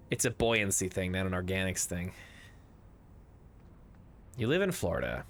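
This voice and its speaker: A man with a bright, forceful voice talks to his stream audience as he plays, rambling from joke to joke. A faint hum of game ambience sits behind his desk mic. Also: sits low, normal speed, pauses often. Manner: rambling, jokey, reads chat aloud. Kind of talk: casual game stream chat.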